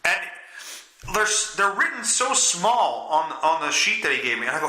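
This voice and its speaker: Animated, stuffy-nosed man ranting on a podcast. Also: on the high side, normal speed, roomy sound, poor audio. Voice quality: stuffy nose. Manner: rambling, profane, self-mocking. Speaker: podcast host. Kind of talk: solo podcast rant.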